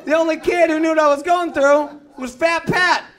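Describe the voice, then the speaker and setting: High, bright-voiced stand-up comic, self-mocking. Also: male voice, steady tone, moderate pace. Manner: punchy, self-mocking storytelling with shouted punchlines. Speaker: stand-up comedian. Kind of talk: stand-up comedy set. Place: comedy club with a live audience. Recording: live club recording with crowd. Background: audience laughter.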